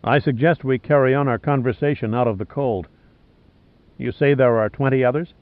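A rugged man with a husky, low, unhurried voice, as the narrator plays him. His manner is dry and understated. The audio is tinny and phone-like, and dry. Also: dry recording, lightly acted. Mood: calm.

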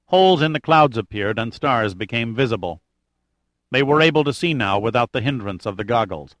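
A man narrating an adventure audiobook in a steady, measured way with light drama. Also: medium pitch, no room sound. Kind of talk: scripted narration.

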